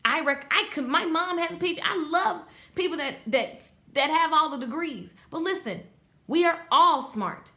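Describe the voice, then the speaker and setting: A woman teaching a live online class for hairstylists, talking straight to her viewers in an emphatic, animated way and reading out their comments. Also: sits high, moderate pace. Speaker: beauty business coach.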